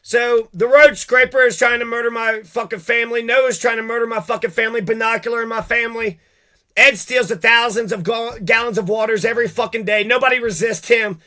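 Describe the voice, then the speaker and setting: A man's voice: extremely high pitch, little pitch movement, fast, hardly any pauses, pushed and bright, clean tone, soft background music. A man delivering a heated, profane rant, cursing and jumping from one grievance to the next.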